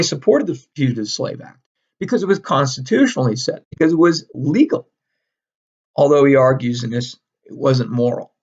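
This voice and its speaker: A man giving a casual, animated history lecture, emphatic and repeating key words, with frequent laughs. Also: on the high side, creaky, husky, lo-fi sound. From northern United States. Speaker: history teacher.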